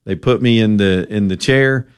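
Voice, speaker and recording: Middle-aged man, radio host, low voice, animated storyteller. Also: moderate pace, smooth. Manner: animated storyteller, acts out quotes. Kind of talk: casual storytelling talk radio.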